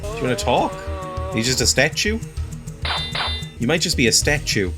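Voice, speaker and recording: A man's voice: mid-range voice, big pitch swings, moderate pace, over loud music. A man hosting a let's-play, chatting about the game in a wry, sarcastic way. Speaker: gameplay video host.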